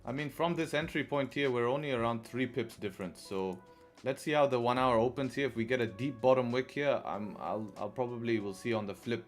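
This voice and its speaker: Over faint background music, a forex trader live-streams his trading commentary, talking to viewers and often laughing in frustration. His voice is mid-range and fairly quick.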